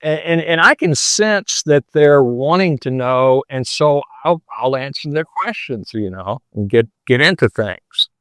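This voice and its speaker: A man's voice: mid-range voice, expressive, measured pace, few pauses, a bit bright, no echo. A man in his seventies, a pastor and long-distance hiker, chatting as a podcast guest in a folksy, rambling way. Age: 70s. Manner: folksy and rambling, full of "you know" and "man". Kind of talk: casual interview chat.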